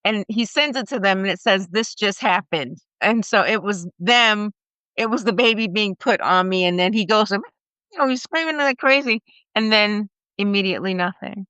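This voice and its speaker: A woman in her forties, a podcast guest, retelling a personal story in a halting, emotional way with many fillers. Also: mid-range voice, sharp tone, clean tone, no room sound. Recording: slightly muffled dry recording.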